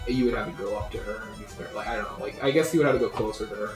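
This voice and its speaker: A man's voice: fairly low pitch, rapid-fire, over music. A man running a tabletop game as game master, narrating casually with plenty of uhs and likes. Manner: casual, filler-heavy narration with many "uh" and "like". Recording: roomy recording.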